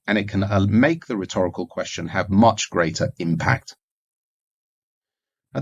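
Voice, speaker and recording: A man giving a recorded lecture, explaining points in a measured way with occasional fillers. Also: on the low side, slightly rough. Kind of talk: recorded lecture on communication skills. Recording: dull lo-fi recording.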